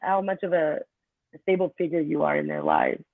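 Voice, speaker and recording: A woman's voice: low-pitched, moderate pace, no room sound. A woman, a middle school teacher, chatting casually in an interview and animatedly telling stories about her students. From Kansas City area, US. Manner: animated storyteller, acts out students' voices, laughs often. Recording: tinny phone-like call audio.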